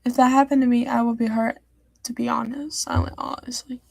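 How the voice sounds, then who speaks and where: Teen girl streamer venting in a hurt ramble; slightly high voice with vocal fry. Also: level tone, a little fast, no echo. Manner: hurt, rambling, many fillers and restarts. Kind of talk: upset personal livestream talk.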